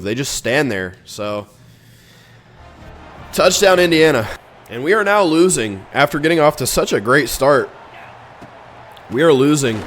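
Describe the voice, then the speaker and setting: A young man commentating his own football video game, exasperated and ranting, with sudden loud outbursts. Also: medium pitch, slight background noise. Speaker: gaming YouTuber. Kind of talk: live gameplay commentary.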